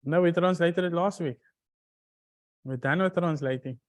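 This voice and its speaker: Teacher quizzing the class, restarting phrases. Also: medium pitch. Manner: recites Arabic verses in quick bursts. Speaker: Arabic grammar teacher. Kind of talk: classroom lecture.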